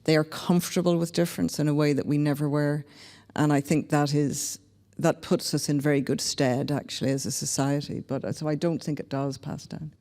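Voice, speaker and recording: A woman's voice: low voice, steady tone, mellow. Reflective woman panelist in a reverberant hall. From Northern Ireland (County Antrim). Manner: candid, reflective, measured. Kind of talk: panel discussion talk. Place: large hall at a public panel event.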